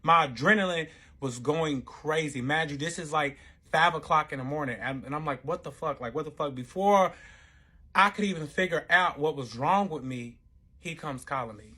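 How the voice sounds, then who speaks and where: Husky man telling a wild story. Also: fairly high pitch, normal speed, bright, forceful tone. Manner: profane, rambling, self-interrupting. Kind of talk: casual storytime monologue.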